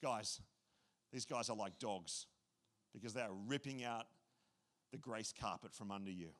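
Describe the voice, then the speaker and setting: A man's voice: on the low side, moderate pace, fairly bright tone, voice pushed down, natural voice. A man voicing the apostle Paul as an indignant, emphatic man who exclaims in disbelief. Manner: exclaiming, incredulous.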